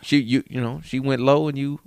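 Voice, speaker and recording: A man's voice: mid-range voice, fairly even intonation, a little fast, a little mellow, clear, resonant tone, no echo. A man co-hosting a casual podcast, teasing the others and giving frank advice. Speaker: podcast co-host. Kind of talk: casual chat.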